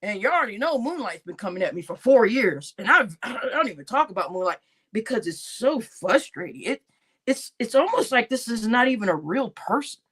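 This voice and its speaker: A woman's voice: a little high, big pitch swings, a little fast, fairly bright tone, breathy edge. A woman hosting a livestream, ranting angrily and with lots of profanity, repeating herself. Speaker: livestream host. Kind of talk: heated livestream rant.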